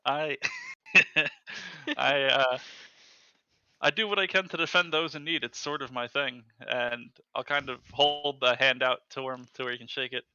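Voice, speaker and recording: Tabletop player, polite earnest man, bright tone, dry close sound. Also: mid-range voice, fairly even intonation, moderate pace, clean tone, dry recording, lo-fi sound. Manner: polite, earnest, hesitant with fillers. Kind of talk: in-character tabletop role-play.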